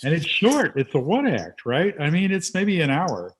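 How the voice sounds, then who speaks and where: A man hosting a casual chat, talkative, slipping into lively, animated retellings of what he and others said. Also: fairly high pitch, normal speed, slightly rough. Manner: chatty, animated when telling stories. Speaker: host.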